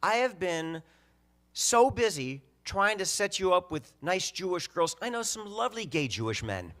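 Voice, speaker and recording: A woman's voice: lowish voice, big pitch swings, moderate pace, slight background noise, voice pushed up. A man voicing his older mother as a fussy, loving woman who sometimes whispers conspiratorially. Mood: reassuring. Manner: hushed conspiratorial whisper at times.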